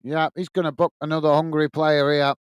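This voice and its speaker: A man's voice: on the high side, level tone, brisk, clean tone, dry recording, highs cut off. A man hosting a live football watch-along, calling the play and cheerfully reading out viewers' messages. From United Kingdom. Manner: upbeat, reads out viewer messages and calls the play.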